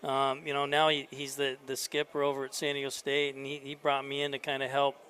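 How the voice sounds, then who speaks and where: A head baseball coach chats in a casual interview on a convention floor, telling animated stories and acting out the dialogue. He speaks a little fast at medium pitch, with a slight hiss or hum in the recording.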